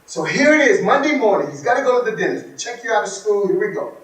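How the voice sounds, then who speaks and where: A man with a high voice gives a motivational workshop talk. He tells stories and puts questions to the crowd. His voice rings through a very echoey hall, picked up from a distance. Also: sing-song, quick pace. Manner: storytelling, asks the audience questions. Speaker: workshop speaker. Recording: echoey room, distant mic.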